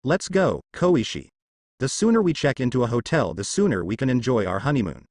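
A gentle young woman, soft and affectionate, voiced by a man reading the story. The voice moves widely in pitch and sits dry and close to the mic. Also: big pitch swings, fairly quick, no room sound.

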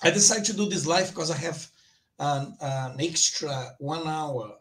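A man's voice: a little high, unhurried, a bit bright. A man hosting his own crypto channel live, talking loosely and rambling, with frequent restarts. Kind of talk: casual livestream commentary.

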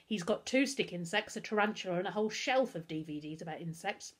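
A woman's voice: on the low side, lively intonation, fast talker. A woman voicing a bold, brash girl who knows it all and teases her friends. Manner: brash, teasing.

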